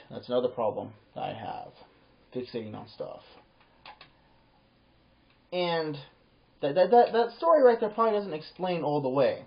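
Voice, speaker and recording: A man talks to camera in a rambling, casual monologue, stumbling over repeated words as he acts out both sides of conversations. His voice sits fairly high and swings widely in pitch. The recording is dull and lo-fi, like a cheap home setup. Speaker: vlogger.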